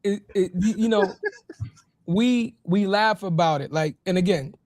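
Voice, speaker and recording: High-voiced joking podcast co-host, a man. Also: a little slow, darkish tone. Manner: joking, emphatic, casual phrasing. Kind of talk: casual interview chat.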